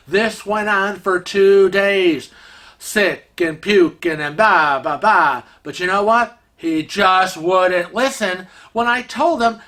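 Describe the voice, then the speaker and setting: Man, vlogger, casual storytelling, chatty, exasperated, slow pace. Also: high-pitched, sharp tone. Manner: chatty, exasperated, acts out quotes.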